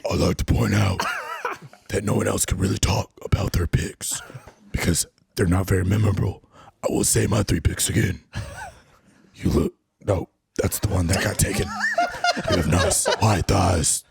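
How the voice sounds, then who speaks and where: A brooding male superhero vigilante for a podcast game. The voice is very low, heavily gravelly and husky, growled out in a slow deadpan. The sound is close and dry. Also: dry recording, heavily acted. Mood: gruff. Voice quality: deep gravelly rasp. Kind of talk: comedic impression in a podcast game.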